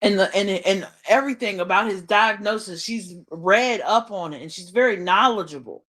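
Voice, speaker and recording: Hosting a livestream, an adult mother talks at normal speed in a medium, slightly bright voice. Her unscripted monologue vents about a falling-out, with free swearing and strong emphasis.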